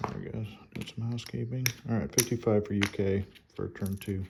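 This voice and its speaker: A man playing a board game at home, calmly talking through his turn and counting his units and money aloud. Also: lowish voice, brisk, gravelly, very noisy. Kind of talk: casual solo board game playthrough.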